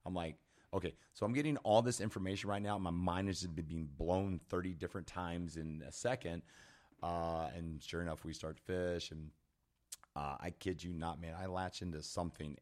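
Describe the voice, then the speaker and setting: A man's voice: low voice, normal speed, a little mellow. A man on a podcast as the guest, telling a story animatedly with lots of fillers and laughter. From Texas. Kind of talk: casual storytelling.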